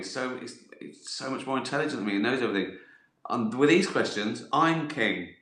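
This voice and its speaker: A man's voice: mid-range voice, a bit bright, roomy sound. A middle-aged man, hosting a casual livestream and answering viewer questions with swearing, self-mocking banter. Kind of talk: casual chat. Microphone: phone.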